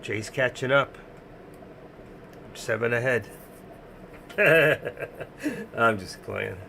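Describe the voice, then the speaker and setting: A man's voice: mid-range voice, big pitch swings, extremely slow, vocal fry, bright, forceful tone, slight background noise. A man with a New York accent hosting a live stream in casual chat, talking bluntly and ramblingly, often laughing.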